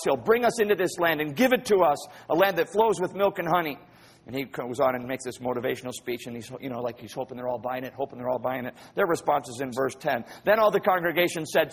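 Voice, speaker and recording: A man preaching a sermon in a church, animated and acting out the voices of people in the story. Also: a little high, husky. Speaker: pastor.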